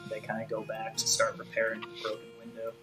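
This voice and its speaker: A man narrating a tabletop game as game master in a relaxed, rambling way. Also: on the low side, fast, faint music behind, low-quality recording.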